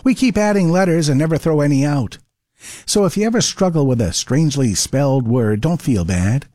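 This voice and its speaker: A man's voice: fairly high pitch, lively intonation, moderate pace, mellow, no echo, studio quality. A man with a Canadian accent delivering a wry, playful scripted radio segment. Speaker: radio host.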